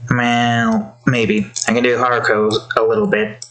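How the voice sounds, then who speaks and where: A man's voice: medium pitch, big pitch swings, measured pace, fairly bright tone, low-quality recording. A man thinking aloud while he draws, rambling with fillers and talking to his cat between remarks. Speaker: artist drawing on stream. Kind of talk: casual commentary while drawing.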